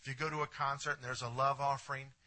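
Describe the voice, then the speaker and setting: A man preaching a sermon as pastor, swinging from hushed lines to emphatic ones and putting questions straight to his congregation. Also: mid-range voice, little pitch movement, fast. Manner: addresses the congregation directly with questions.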